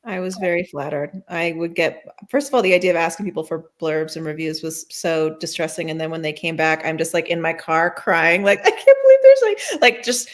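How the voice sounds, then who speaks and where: A chatty woman author talks through her first novel in a relaxed interview. She pokes fun at herself and leaps up into a squeaky voice whenever she quotes her own nervous thoughts. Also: fairly quick, hardly any pauses. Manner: chatty, self-deprecating, squeaks into high voices when quoting herself. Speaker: debut novelist guest. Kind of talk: casual interview chat.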